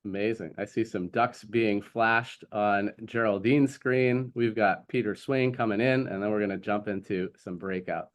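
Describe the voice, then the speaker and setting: A man's voice: on the low side, moderate pace, few pauses. A man hosting a group video call, leading the session in an encouraging, affirming way. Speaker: community call host.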